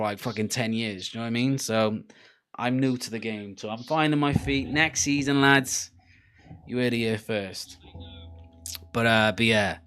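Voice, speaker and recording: A man's voice: medium pitch, fairly bright tone. Chatty, sweary Welsh man from Cardiff. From Wales, Cardiff. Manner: chatty, sweary, laughing between rants. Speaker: livestream host. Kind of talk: casual chat on a live football watchalong stream.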